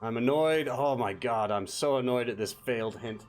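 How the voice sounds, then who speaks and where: A man streaming a game live, animatedly commenting, swearing and yelling lines at the enemies. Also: mid-range voice, normal speed.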